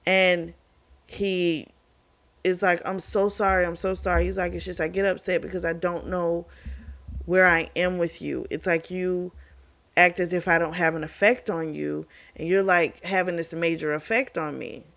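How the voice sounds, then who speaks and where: A woman's voice: on the low side, fairly even intonation, a little slow, gravelly, a bit bright. A young woman casually recapping and reviewing a romance novel, chatty and frank, swearing freely and talking straight to her viewers. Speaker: book club vlogger.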